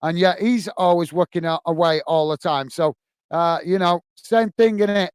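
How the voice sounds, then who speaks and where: A man whose voice sits high speaks at a moderate pace while hosting a live football watch-along. As a livestreamer, he reads viewers' chat aloud and chats back casually and warmly. His voice is smooth, and there's no echo.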